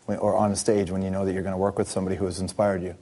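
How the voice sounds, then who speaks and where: Fast-talking, joking talk show host. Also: male voice, deep voice, level tone, dark tone. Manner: quick, joking, teasing questions. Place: television studio.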